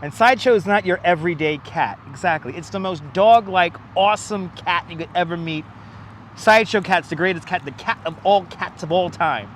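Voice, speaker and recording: A man with a fairly high voice chats casually while walking outdoors. He thanks viewers and tosses off jokey asides into a wireless clip-on mic. Faint city traffic hums in the background. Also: fairly quick, a bit bright. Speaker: livestreamer. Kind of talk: casual live vlog chat. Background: traffic and city ambience.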